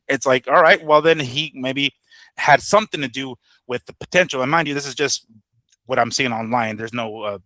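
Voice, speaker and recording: A man with a bright, forceful, mid-pitched voice co-hosts a boxing discussion. He thinks out loud, hesitant, with many 'uh's and 'right?'s. He is recorded dry and close. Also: no echo. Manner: hesitant, thinking aloud with fillers. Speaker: boxing show co-host. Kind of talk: casual chat.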